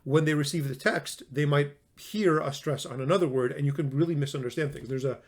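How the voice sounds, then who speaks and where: A man's voice: on the high side, a little fast. A man giving a recorded classroom lecture on logic, talking in a conversational way, stressing words for emphasis and often restarting his sentences.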